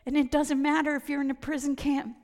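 A woman preaching a sermon and telling personal stories, swinging from loud emphatic lines down to near whispers. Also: sits high, little pitch movement, a little fast. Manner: dramatic shifts from loud to whispered. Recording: long reverb of a hall.

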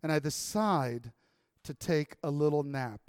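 A man telling a personal story in a talk, animated and acting out the dialogue. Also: a little high, a little slow, no room sound, studio quality.

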